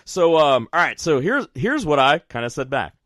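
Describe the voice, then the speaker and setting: Lively, animated male radio host. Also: on the high side, normal speed, no echo, studio quality. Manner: animated, laughing, frequent "all right" and "right?". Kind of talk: casual storytelling chat.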